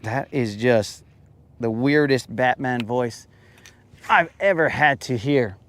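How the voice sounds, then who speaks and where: A man's voice: medium pitch, takes it slowly, fairly bright tone. A man hosting a fishing podcast, ranting jokingly and rambling in a casual livestream, keeps calling his listeners bro. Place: boat on a lake, outdoors.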